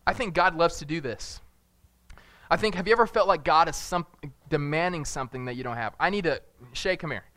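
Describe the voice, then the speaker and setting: A man's voice: on the high side, fairly quick, sharp tone, no room sound. A young man giving a casual, jokey sermon, acting out characters with big jumps in his voice. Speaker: preacher.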